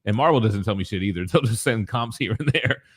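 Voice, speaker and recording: A man's voice: lowish voice, expressive, fast talker, breathy edge. A man in his forties co-hosting a casual live show from his home basement, talking in slang and swearing freely as he reads chat messages. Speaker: co-host of a collectibles morning show.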